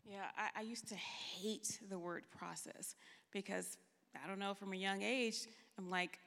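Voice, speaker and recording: A woman's voice: mid-range voice, fairly even intonation, unhurried, creaky, a bit bright. A woman counselor on a panel, speaking earnestly and personally. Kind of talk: panel discussion. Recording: long hall reverb.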